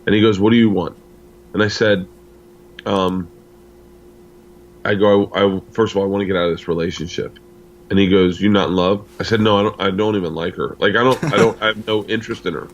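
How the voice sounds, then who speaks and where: A man's voice: on the low side, steady tone, fairly quick, lo-fi sound. A middle-aged man from the United States, a comedian guest telling a long personal story and acting out the dialogue. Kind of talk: storytelling in casual interview.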